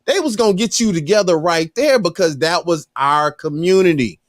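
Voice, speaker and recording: A man's voice: fairly high pitch, animated, normal speed, dry recording, clean studio sound. A man, a podcast co-host telling stories in casual chat with emphatic, preachy conviction.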